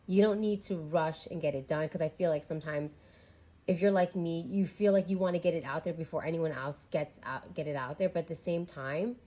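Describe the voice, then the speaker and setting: A woman's voice: deep voice, fairly quick, mellow. A young woman giving a casual, chatty tarot reading, candid and swearing freely. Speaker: tarot reader.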